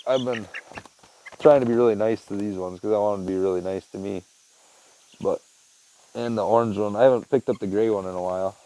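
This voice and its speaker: Holding his phone camera in a rural backyard, a young man rambles through a laid-back outdoor vlog, filling his talk with fillers. He speaks in a mid-range voice against a noisy background.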